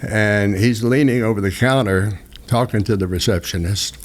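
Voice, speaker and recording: Speaking at a normal speed in a fairly low pitch, this older southeast Texas radio host spins loose, folksy anecdotes. It's casual storytelling chat, full of restarts and little chuckles.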